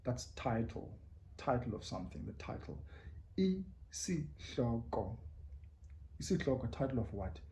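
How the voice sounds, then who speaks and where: A man's voice: medium pitch, fairly quick, creaky, a little mellow, slight background noise. A man teaching a language lesson, patiently drilling words syllable by syllable and inviting listeners to repeat after him. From South Africa. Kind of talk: bilingual pronunciation lesson.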